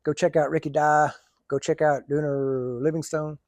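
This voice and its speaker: A man spins rambling, colloquial stories for his vlog, laughing often along the way. His voice sits a bit high with a gravelly grain. The recording is close and dry. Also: fairly even intonation, normal speed, darkish tone, no echo. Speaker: vlogger. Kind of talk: casual storytelling.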